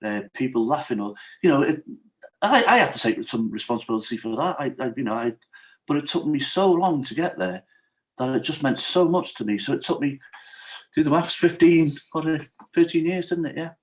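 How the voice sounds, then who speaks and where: A man's voice: on the high side, animated, fairly quick. A middle-aged man, a podcast guest telling his personal story in an earnest, emotional way, acting out what others said. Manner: emotional, earnest, acts out quoted dialogue.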